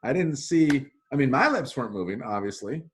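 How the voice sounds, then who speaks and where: A man's voice: mid-range voice, lively intonation, brisk, slight background noise. A middle-aged male Latin teacher giving a casual, rambling lesson and often correcting himself. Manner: chatty, rambling, self-correcting.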